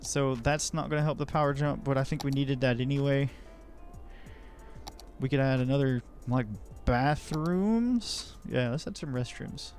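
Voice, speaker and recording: Dude chattering through his city builder, goofy and self-mocking, some quiet music under it. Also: mid-range voice, a little slow. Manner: rambling, jokey, self-deprecating. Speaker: let's play host. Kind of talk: casual gameplay commentary.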